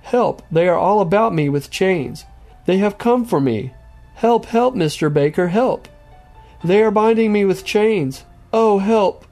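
A man's voice: sits high, lively intonation, unhurried, darkish tone, faint music behind, voice pushed up. A man voicing a terrified dying boy who shrieks and pleads desperately for help.

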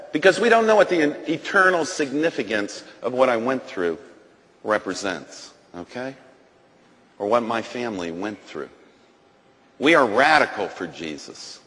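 A man's voice: mid-range voice, expressive, unhurried, some chatter behind. Impassioned man preaching in a reverberant hall. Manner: swings between loud proclaiming and hushed grief. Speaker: guest speaker giving testimony. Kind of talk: impassioned sermon testimony. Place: large gathering hall.

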